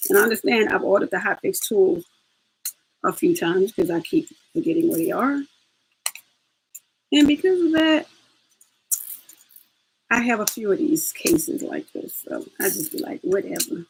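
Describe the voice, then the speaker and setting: A woman's voice: mid-range voice, lively intonation, a little slow, pauses often, a little hiss or hum, rough recording. A woman hosting a casual step-by-step craft tutorial, chatty and laughing as she talks to her viewers.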